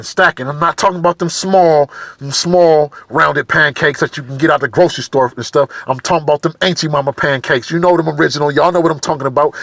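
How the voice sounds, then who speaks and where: A man talking to camera in a halting, repetitive confessional monologue, emotional and searching for words. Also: a little high, gravelly, fairly bright tone, no room sound. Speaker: vlogger.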